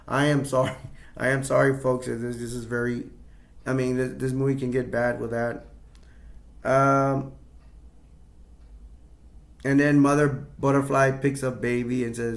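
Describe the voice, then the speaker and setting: A man's voice: medium pitch, flat delivery, measured pace, long pauses. A man casually recapping a horror film scene by scene, rambling with many restarts. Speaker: movie reviewer.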